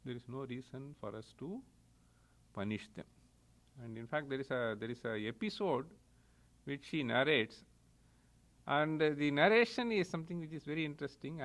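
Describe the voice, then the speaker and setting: A man's voice: on the high side, fairly bright tone. A middle-aged man giving a lecture as a professor, retelling stories with chuckles and explaining Sanskrit terms.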